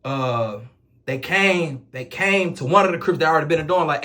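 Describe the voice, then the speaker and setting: A man with a Chicago accent telling a story in casual street slang, swearing oaths as he goes. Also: fairly high pitch. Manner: rapid, animated street slang with repeated oaths. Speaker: storyteller vlogger.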